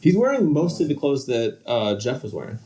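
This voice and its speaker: A man's voice: medium pitch, big pitch swings, brisk, a crowd in the background, poor audio. A man running a tabletop game as game master, laid-back and laughing often.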